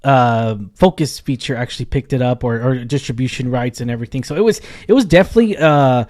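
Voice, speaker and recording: A man's voice: medium pitch, quick pace, a little mellow. A man hosting a casual movie review chat, rambling and enthusiastic, with many fillers and restarts.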